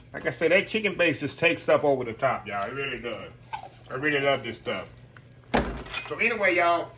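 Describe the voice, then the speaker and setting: Guy cooking at home, chatty and folksy, bit of faint room noise behind. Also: fairly high pitch. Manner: folksy, talks to viewers as y'all. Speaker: home cook. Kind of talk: casual cooking video chat.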